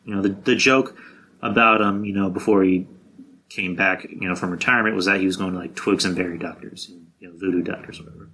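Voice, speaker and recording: A man's voice: sits low, fairly even intonation, fast talker, bright, forceful tone, slight background noise. A man hosting a podcast, talking through wrestling predictions in a blunt, profane, casual monologue. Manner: blunt and profane, with frequent restarts. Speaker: podcast host.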